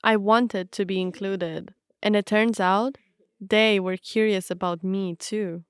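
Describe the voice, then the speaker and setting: A young woman from Romania, a native Romanian speaker, giving a reflective, measured scripted narration of her own story. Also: mid-range voice, steady tone, smooth, dry recording, studio quality.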